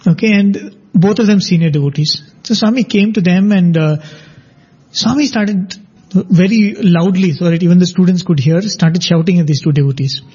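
High-voiced man telling anecdotes. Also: warm tone, slightly rough. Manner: anecdotal, measured, laughs while telling. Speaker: storyteller in a devotional talk. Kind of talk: conversational storytelling. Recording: dull lo-fi audio.

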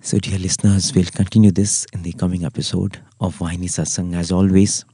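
A man with an Indian English accent, hosting a devotional podcast talk in an earnest, storytelling way, often trailing off softly. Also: deep voice, level tone, brisk, breathy edge, no room sound. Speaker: spiritual podcast host.

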